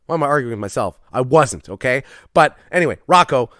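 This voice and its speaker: A man's voice: mid-range voice, animated, fairly quick, a bit bright, dry recording, studio quality. A man hosting a solo comedy podcast from his garage, rambling, self-deprecating and swearing often. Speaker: podcast host. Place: home garage.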